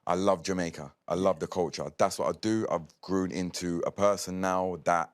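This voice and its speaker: A man's voice: low voice, steady tone, moderate pace, clean tone. An English man with an English accent, chatting easily, laughing and explaining with swagger. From England. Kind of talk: casual conversation.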